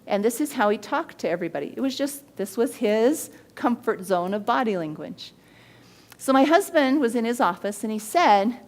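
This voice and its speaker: A woman hosting a body language show, teaching in an energetic way and acting out the people in her stories. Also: medium pitch, normal speed. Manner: animated storyteller who acts out quoted voices.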